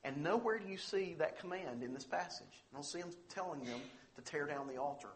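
Guy preaching a sermon, fairly high voice, earnest and emphatic. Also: lively intonation, fairly quick, a little hiss or hum. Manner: earnest, emphatic preaching with rising stress on quoted scripture. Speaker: pastor.

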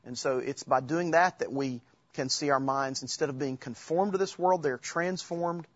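A man gives an informal church teaching, quoting verses from memory and pausing often to restart his sentences. His voice is husky and sits at an ordinary pitch. The recording is dry and a little dull, as if on modest equipment. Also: dry recording. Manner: halting, restarts while quoting Scripture from memory. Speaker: Bible teacher.

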